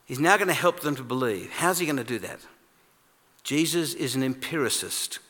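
A man preaching a sermon in a conversational, animated way, acting out quoted lines. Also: mid-range voice, normal speed. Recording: long reverb of a large hall.

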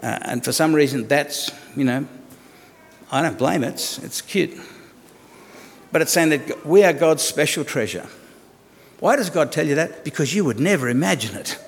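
Aussie pastor guy in his 50s, chatty sermon with lots of questions to the crowd, kinda high voice, long echo in the hall. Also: animated, moderate pace, pauses often. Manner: conversational, asks the congregation rhetorical questions.

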